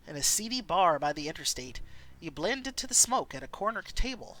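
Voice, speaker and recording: A woman's voice: on the low side, very animated, a little fast, a bit bright, no echo. A woman streamer reading an interactive story game aloud, taking viewer votes and exclaiming often.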